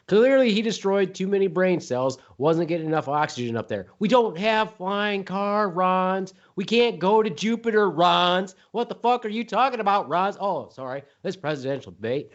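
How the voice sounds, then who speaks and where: A man's voice: fairly high pitch, lightly acted. A man playing a blustering mock president who rants, mocks and swears at his opponent in a comedy debate podcast, recorded on dull lo-fi audio. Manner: ranting, mocking and profane.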